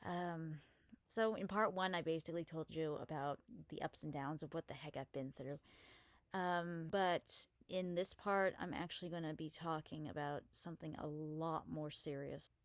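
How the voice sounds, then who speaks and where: A young woman telling a personal story in a casual vlog, halting and hesitant, trailing off mid-sentence and swearing casually. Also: low voice, fairly even intonation, no echo. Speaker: vlogger.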